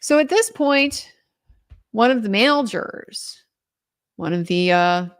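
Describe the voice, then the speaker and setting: A woman legal commentator recounting courtroom testimony in an animated retelling, quoting others in her own voice. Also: fairly high pitch, measured pace.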